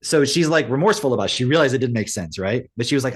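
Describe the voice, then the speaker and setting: A man co-hosting a podcast, retelling a story in casual chat, rambling and filling every pause with "like". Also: medium pitch, animated, slightly rough. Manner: rambling storytelling, heavy use of "like". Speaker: podcast co-host.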